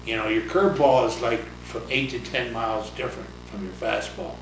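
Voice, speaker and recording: A man's voice: mid-range voice, fairly quick, a bit bright. Older man telling rambling baseball anecdotes. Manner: rambling anecdotes, acts out voices, chuckles often. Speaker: retired baseball pitcher and coach. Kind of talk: casual interview storytelling. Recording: roomy, distant mic, noisy ambience.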